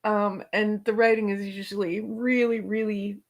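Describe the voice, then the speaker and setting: A woman's voice: mid-range voice, level tone, moderate pace, dull audio. A woman co-hosting a casual livestream podcast. She greets viewers and reads notes aloud in a chatty way. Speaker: podcast co-host.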